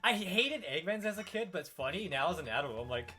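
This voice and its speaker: A man's voice: sits high, big pitch swings, quick pace, bright, forceful tone, soft background music. A man co-hosting a live game stream, chatting casually and rambling between topics. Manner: rambling, fond of quoting characters in put-on voices. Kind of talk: casual gaming chat.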